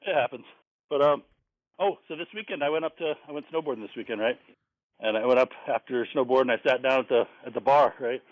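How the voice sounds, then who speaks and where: A man's voice: medium pitch, fast, no echo. Rambling man calling in on a dull line. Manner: rambling storyteller. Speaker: caller. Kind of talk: casual chat, telling a joke. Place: outdoors.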